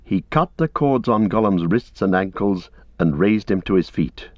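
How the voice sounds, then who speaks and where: A man narrating an audiobook in a steady, even storytelling manner. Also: on the low side, normal speed, no room sound. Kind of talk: scripted narration. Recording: dry, slightly dull audiobook recording.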